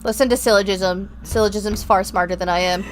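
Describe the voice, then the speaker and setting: A woman's voice: medium pitch, fairly even intonation, a little fast, a little hiss or hum, poor audio. A young woman streamer chatting casually while she plays, bubbly and self-deprecating. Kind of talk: casual gameplay chat. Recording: game music underneath.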